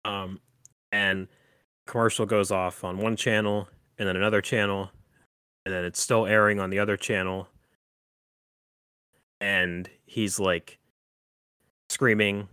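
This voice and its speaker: A podcast host with a somewhat low voice rambles through a horror film's plot in casual movie chat, full of fillers and restarts. His delivery is flat, measured, and sharp-toned with frequent pauses, and the close, dry recording is clean with no echo or room sound.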